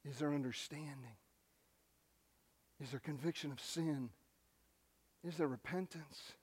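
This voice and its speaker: A pastor preaching a sermon, swinging from hushed, near-whispered lines to loud, emphatic ones. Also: male voice, fairly high pitch, a little slow, slightly rough.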